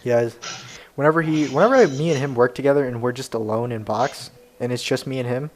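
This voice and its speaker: A man's voice: medium pitch, brisk, slight background noise, rough recording. A young man, a podcast co-host, telling a rambling story in casual chat and laughing often. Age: young adult.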